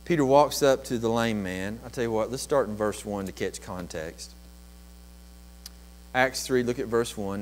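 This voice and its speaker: A man's voice: on the low side, normal speed, low-quality recording. Impassioned male preacher, swelling delivery. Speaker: pastor. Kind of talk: sermon.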